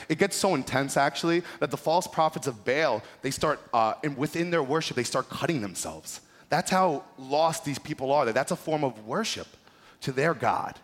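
A man preaches with a relaxed, humorous, slangy delivery and a middle-range voice. His words carry a long, ringing reverb from a large church hall. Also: mid-range voice, normal speed. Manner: casual, joking, slangy preaching. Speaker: pastor. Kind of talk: sermon.

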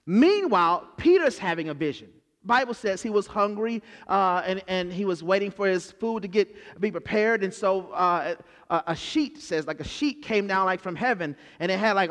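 A high-voiced man preaches a sermon, telling the story in a loose, conversational way and slipping into the characters' voices as he goes. His voice rings out with a long reverb tail, as if from a big church hall. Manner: animated storytelling, acts out the characters.

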